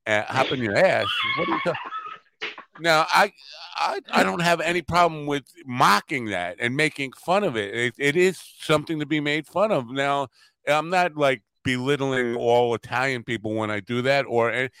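A man's voice: mid-range voice, moderate pace, creaky, bright, forceful tone, clean tone, no room sound. A man hosting a podcast in casual chat, blunt and given to swearing. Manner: blunt and profane, mutters asides. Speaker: podcast host.

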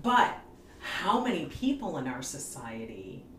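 A woman from New York with a New York accent, co-hosting a casual podcast chat and telling stories with animated, acted-out quotes. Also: sits low, unhurried, echoey room, slight background noise. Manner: animated storyteller, acts out quoted arguments loudly. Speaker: podcast co-host.

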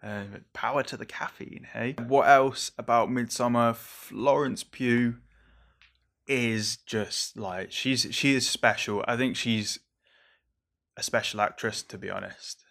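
An English man, a young adult, hosting a casual solo podcast in an excitable, rambling, over-caffeinated way, swearing now and then. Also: mid-range voice, slow pace, vocal fry. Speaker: podcast host reviewing films.

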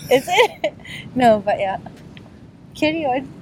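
A woman's voice: slow, low-quality recording. A woman co-hosting a podcast outdoors, chatting playfully and telling stories with a teasing edge. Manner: playful, teasing, animated storytelling. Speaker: podcast co-host. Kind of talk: casual chat. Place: outdoors on a lawn by a city street. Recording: faint traffic rumble outdoors.

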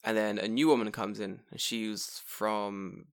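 A man's voice: fairly low pitch, little pitch movement, measured pace. A man with a London accent, hosting a podcast in casual chat, swearing often and laughing at his own stories. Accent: London English. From London, England. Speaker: podcast host.

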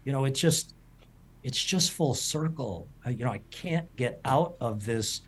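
A man's voice: mid-range voice, animated, unhurried, slight background noise. A middle-aged man, a culinary school president, chatting as an interview guest and telling rambling stories with many restarts. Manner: rambling, repeats words, warm storytelling. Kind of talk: casual interview chat.

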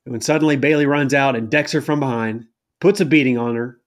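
A man in a casual podcast chat, his voice sitting at an ordinary middle pitch. He rambles with fillers and sounds exasperated, throwing in mocking asides. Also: quick pace. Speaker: podcast co-host. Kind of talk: casual chat recapping a wrestling show.

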